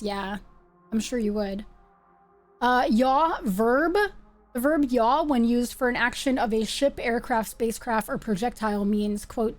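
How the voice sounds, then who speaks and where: A woman hosting a live stream, chatting playfully with her viewers while she plays a game. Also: fairly high pitch. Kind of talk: casual live-stream chat while gaming.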